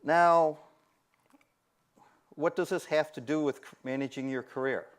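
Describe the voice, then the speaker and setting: Man giving a conference talk, somewhat high voice, lively delivery that acts out the people he quotes. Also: measured pace, clear, resonant tone. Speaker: conference speaker. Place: conference room.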